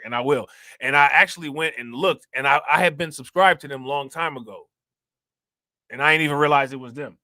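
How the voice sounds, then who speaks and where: A man hosting a casual crypto livestream, chatting in relaxed slang, laughing often and thanking viewers for their comments. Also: fairly high pitch, a little fast, no echo, clean studio sound. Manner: laid-back slangy talk with frequent laughs. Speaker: crypto channel host.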